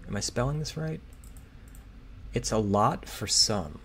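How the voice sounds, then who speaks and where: The speaker is a man solving a crossword out loud, hesitant and muttering, reading clues slowly and guessing what fits. His voice sits on the low side, expressive and a bit bright. Keyboard typing and clicking play underneath, along with a little hiss or hum.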